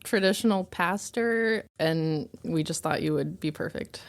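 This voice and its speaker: A woman guest on a podcast, shy and soft-spoken with giggles. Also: low voice, unhurried. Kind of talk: casual chat.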